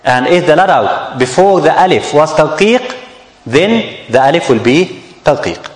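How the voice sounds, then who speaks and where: A man teaches Quran recitation in an unhurried, measured way, sounding each example over and over. His voice sits a little high for a man. The sound carries a long echo, as though he is in a large hall. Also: lively intonation. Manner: slow, patient, repeats each word several times. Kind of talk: tajweed lesson with recited examples.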